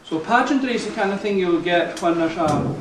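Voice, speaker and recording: A man's voice: sits high, expressive, brisk, slight background noise. A man telling a rambling story to a live audience, chuckling and correcting himself as he goes. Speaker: folk musician telling a story on stage. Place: live concert venue. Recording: echoey, from a distant mic.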